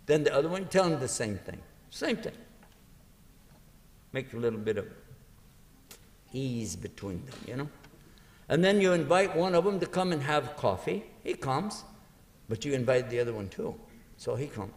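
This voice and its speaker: Speaking at a moderate pace, this man has an expressive, slightly mellow voice of medium pitch. He's an Islamic preacher giving a lively lecture in a big university hall, where the long reverb carries as he acts out little exchanges and tests his listeners with questions.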